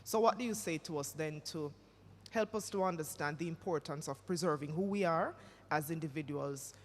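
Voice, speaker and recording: A moderator at a symposium asking long, measured questions. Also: mid-range voice. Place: symposium hall. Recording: reverberant hall with faint noise.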